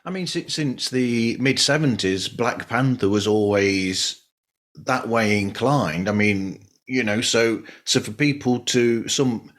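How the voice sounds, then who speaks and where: A man hosting a podcast, chatting in a relaxed, rambling way. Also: mid-range voice, takes it slowly. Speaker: podcast host. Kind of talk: casual podcast chat.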